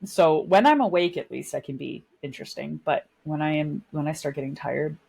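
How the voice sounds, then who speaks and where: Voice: medium pitch, brisk, creaky, a little mellow, slightly rough. A podcast co-host in casual chat, rambling and self-mocking, laughing often.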